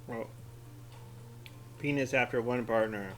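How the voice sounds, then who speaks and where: A man's voice: mid-range voice, takes it slowly, pauses often, fairly bright tone, faint music behind. A man eating chili as he scrolls his feed, rambling, giggling and trailing off mid-sentence. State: eyes watering from spicy food. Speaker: vlogger. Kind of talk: casual commentary while eating.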